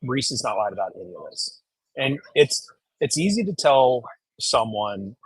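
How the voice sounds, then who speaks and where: Casting: husky, blunt man, casual livestream guest, dry close sound. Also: mid-range voice, normal speed, no room sound, low-quality recording. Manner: blunt, profane, animated retelling.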